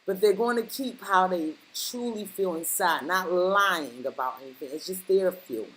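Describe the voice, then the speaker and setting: A woman's voice: fairly low pitch, moderate pace, a bit bright, low-quality recording. Emphatic woman giving a tarot reading. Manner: emphatic, repeats lines for stress, blunt slang. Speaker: tarot reader. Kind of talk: casual tarot reading to the viewer.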